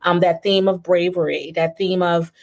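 A woman hosting a casual interview chat, talking in a relaxed, filler-heavy way with frequent laughs. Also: lowish voice, normal speed. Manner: chatty, warm filler-heavy talk with laughs. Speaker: host.

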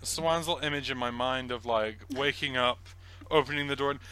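A man co-hosting a podcast in casual chat, teasing and halting, with lots of fillers. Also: mid-range voice, very noisy. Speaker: podcast co-host.

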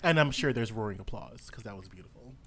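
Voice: mid-range voice, expressive, quick pace. A player in a tabletop game, describing a performance and laughing at themselves. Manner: giggly, self-mocking.

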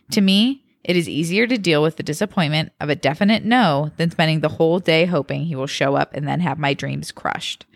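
Low-voiced young woman podcast co-host. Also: gravelly, dry recording, clean studio sound. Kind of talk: casual chat and reading posts aloud.

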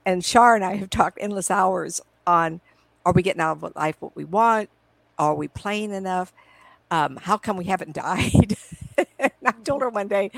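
Gravelly middle-aged woman telling stories. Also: mid-range voice, dry recording, poor audio. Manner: rambling, chatty, quotes her own past conversations. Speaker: psychic medium guest. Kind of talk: casual storytelling in a live video interview. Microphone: computer video call.

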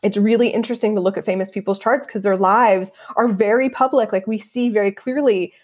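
A woman's voice: mid-range voice, fairly even intonation, fairly quick. Earnest middle-aged woman, easy laugh. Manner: earnest and reflective, laughs easily. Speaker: feng shui practitioner, podcast guest. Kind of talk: conversational interview answers.

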